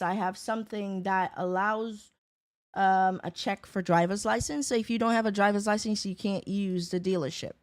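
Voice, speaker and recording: A woman streamer in casual chat, greeting viewers by name and talking loosely with them. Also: mid-range voice. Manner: chatty, talks to viewers by name. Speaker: livestreamer.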